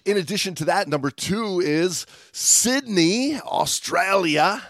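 A man hosting a podcast in casual chat, upbeat and giving shout-outs, often stumbling and restarting his sentences. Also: high voice, lively intonation, slow pace, creaky, no echo, studio quality. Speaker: podcast host.

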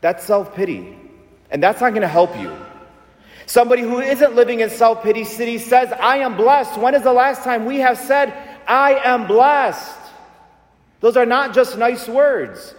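A man's voice: very high-pitched, expressive, normal speed. A male pastor preaching a sermon, emphatic and repetitive, leading the congregation in call-and-response. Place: large church. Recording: echoey church hall.

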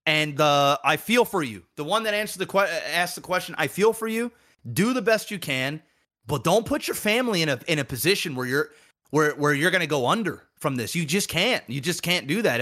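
A man's voice: fairly high pitch, pushed and bright. A man co-hosting a podcast, ranting heatedly with lots of profanity in casual chat. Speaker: podcast co-host.

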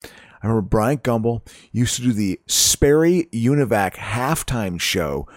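Man, podcast co-host, rambling, lively up-and-down delivery, dry close mic. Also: mid-range voice, a little slow, no echo. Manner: rambling, many fillers, laughs easily. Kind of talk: casual comedic chat.

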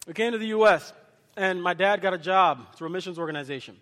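A man's voice: high-pitched, fast talker, fairly bright tone, big-room sound. A man preaching a sermon, born in Kenya and raised in the US with no accent, shifting between impassioned exhortation and personal storytelling. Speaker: pastor.

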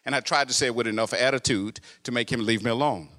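A male preacher in mid-sermon, telling a personal story with big swings between quiet, hushed narration and loud, animated outbursts. His voice sits at an ordinary middle pitch for a man. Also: fast talker.

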